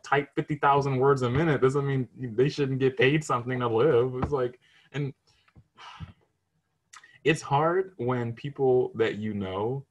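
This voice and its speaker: Husky young man, animated storyteller. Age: young adult. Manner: animated storytelling, imitates family members in high voices. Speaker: student panelist. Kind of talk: casual podcast discussion.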